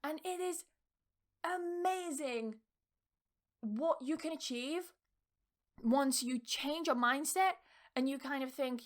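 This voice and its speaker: Woman, high voice, English teacher and podcast host; casual, blunt, emphatic, swears now and then. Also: takes it slowly, pauses often. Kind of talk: casual motivational talk.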